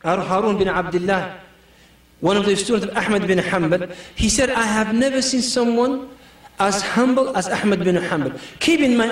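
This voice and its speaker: Male preacher, high voice, humorous anecdotal delivery; echoey room, distant mic. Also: normal speed. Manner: joking, anecdotal, laughs often. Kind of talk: humorous sermon.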